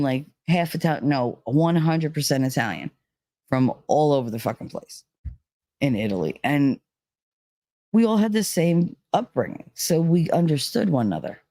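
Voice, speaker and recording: A woman's voice: a bass voice, dark tone, dry recording. Woman rambling thru a story, lots of like and you know, dry close sound. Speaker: vlogger. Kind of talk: casual storytelling.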